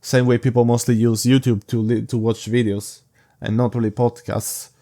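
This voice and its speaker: A young man hosting a casual solo podcast, rambling frankly with halting restarts and sounding sleepy. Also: medium pitch, level tone, mellow. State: sleepy, yawning. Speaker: podcast host.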